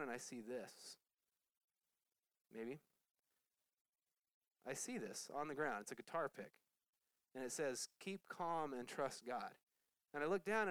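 Animated preaching man with a smooth voice. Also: no room sound, rough recording. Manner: animated storytelling, leaps high when excited. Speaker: pastor. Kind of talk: sermon testimony.

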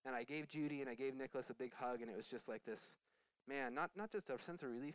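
A man, a pastor, telling a story to his church in an animated testimony, his voice jumping high when he is excited. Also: fast, clean tone, dry recording, poor audio. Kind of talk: sermon testimony.

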